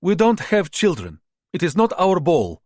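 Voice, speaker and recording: A woman's voice: lowish voice, wildly swooping pitch, unhurried, a little mellow, dry recording, clean studio sound, pitched above the performer's own voice, heavily acted. A man voicing a guarded woman who answers briefly and curtly. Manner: brief, curt replies. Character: woman in a villa, curt and guarded.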